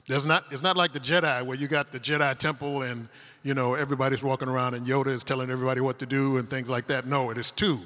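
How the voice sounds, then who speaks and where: A man's voice: mid-range voice, little pitch movement, quick pace, bright, forceful tone. A man from Detroit, giving a rambling, humorous storytelling talk on a conference stage, full of asides. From Detroit, Michigan, USA. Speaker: conference speaker. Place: converted industrial hall used as a conference venue. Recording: long hall reverb.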